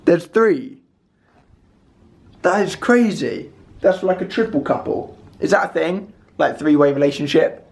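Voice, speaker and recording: A young man in his twenties vlogging from a hotel room, tired but chatty and excitable, rambling to the camera. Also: a little high, measured pace, gravelly. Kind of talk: casual vlog chat.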